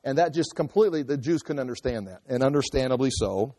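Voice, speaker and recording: Conversational preacher in a reverberant hall. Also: male voice, medium pitch, animated, quick pace, mellow. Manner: conversational, restarts and asides while explaining scripture. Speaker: pastor. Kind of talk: expository sermon.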